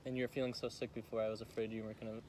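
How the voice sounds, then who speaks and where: A young man co-hosting a vlog, talking in a soft, reflective way. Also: on the low side, level tone, racing. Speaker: vlog co-host. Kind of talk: casual chat. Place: vacation house near a beach. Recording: noisy background.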